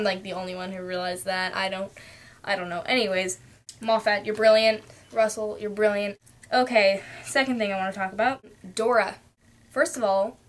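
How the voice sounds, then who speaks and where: A woman's voice: medium pitch, fairly bright tone. A young woman ranting to camera in a casual vlog, chatty and full of fillers, recorded on a cheap camera mic. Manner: chatty, lots of fillers, jumps into quoted voices. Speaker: vlogger.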